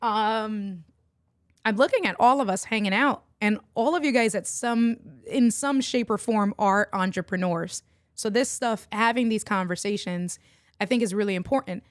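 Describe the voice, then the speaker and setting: A woman's voice: medium pitch, moderate pace, dry recording, clean studio sound. A middle-aged woman hosting a casual livestream, chatting and laughing with her viewers as she goes. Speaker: livestream host and online entrepreneur.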